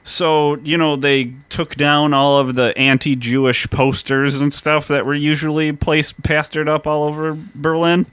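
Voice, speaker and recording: A man's voice: a little high, little pitch movement, measured pace, few pauses, fairly bright tone, smooth, no room sound. A man co-hosting a history podcast, explaining events in a casual way and swearing freely. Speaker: podcast co-host.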